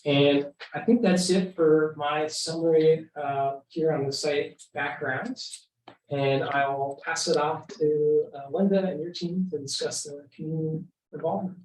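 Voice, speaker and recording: A man's voice: on the high side, fairly even intonation, a little slow, a little mellow. A man presenting the technical site background at a public meeting, summarizing cleanup work. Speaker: project presenter. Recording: roomy audio from a distance.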